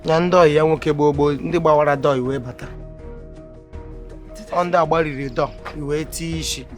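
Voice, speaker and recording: An actor with a Nigerian accent playing an excitable man who mixes Igbo and Pidgin into his English. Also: a little high, normal speed, close to an everyday voice. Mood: excited. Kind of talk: Nollywood film acting. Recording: film audio with music under.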